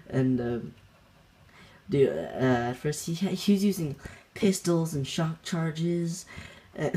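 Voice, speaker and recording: A man's voice: medium pitch, darkish tone, a little hiss or hum. A young man hosting a gaming channel, recounting a match in rambling casual commentary, laughing often and full of fillers and restarts.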